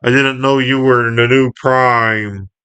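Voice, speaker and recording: A man's voice: mid-range voice, steady tone, a little slow, pushed and bright, smooth. A man voicing a weary, dying old male robot warrior in a subdued tone while reading a comic book aloud. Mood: somber.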